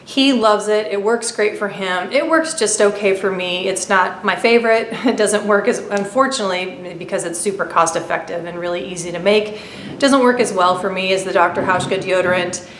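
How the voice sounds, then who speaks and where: A woman gives a casual beauty review at home. She talks quickly and rambles through fillers and side remarks. The room is echoey, with a low hum in the background. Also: fairly even intonation. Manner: chatty and quick, with fillers and asides. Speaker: beauty vlogger. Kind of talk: casual product review vlog.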